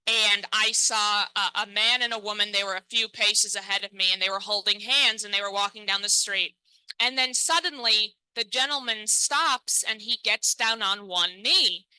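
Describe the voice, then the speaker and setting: A woman's voice: on the high side, pushed and bright, smooth, no echo, low-quality recording. A woman in her thirties performing a stand-up comedy set, self-deprecating and chatty, talking straight to the crowd on a comedy stage. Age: 30s.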